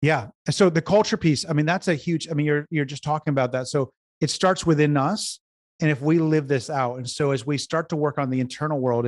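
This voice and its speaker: A man's voice: medium pitch, no echo, studio quality. A man who is a business consultant, a guest on an interview podcast, telling stories earnestly, repeating words and restarting as he goes. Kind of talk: conversational storytelling interview.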